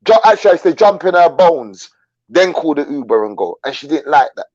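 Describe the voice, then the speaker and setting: A man's voice: fairly high pitch, sing-song, fairly quick, a little mellow, dry recording, highs cut off. A man bluntly telling slangy stories in a casual live chat.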